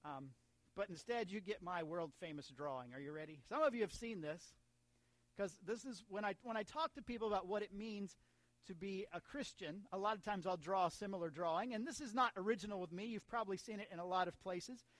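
This pastor, an American from the United States, gives a conversational sermon that weaves humor and digressions into scripture. He talks fairly quickly in a high-pitched, somewhat bright voice, recorded without room sound.

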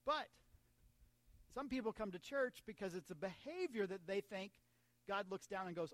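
An animated American man from the United States, a pastor, preaches in a conversational way that mixes scripture with humor and tangents. His voice is high, his speed normal, and there is no echo.

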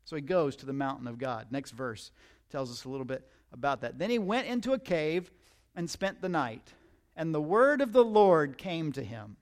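A man's voice: on the high side, lively intonation, normal speed. A man preaching a sermon in a conversational, emphatic way, often repeating words as he starts a thought. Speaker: pastor.

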